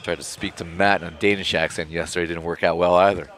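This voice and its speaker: Excitable man calling volleyball over gym noise. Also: low-pitched, fast. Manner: excitable, voice jumps up on big plays. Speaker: play-by-play commentator. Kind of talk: live volleyball commentary.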